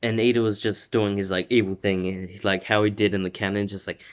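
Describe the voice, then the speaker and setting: A man retells a fan story in a loose, rambling way and leans on filler words. His voice sits low for a man. The delivery is casual and unscripted. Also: little pitch movement, brisk, few pauses.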